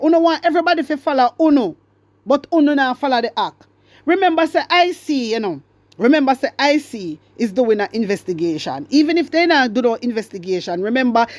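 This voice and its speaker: A woman's voice: sits high, no room sound. A middle-aged Jamaican woman hosting a political commentary show, ranting with fiery, repetitive questions aimed straight at her listeners.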